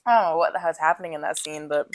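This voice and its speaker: A woman's voice: deep voice, racing, dry recording. Giggly young woman co-hosting, dry sound. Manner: giggly, rambling, says "literally" often. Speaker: podcast co-host. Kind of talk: casual chat.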